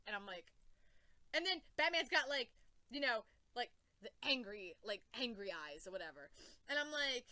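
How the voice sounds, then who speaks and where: A woman's voice: fairly high pitch, expressive, moderate pace, sharp tone, dry recording. A young woman reacting to comics in an emotional rant, exclaiming, swearing and repeating herself. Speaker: comic book reviewer.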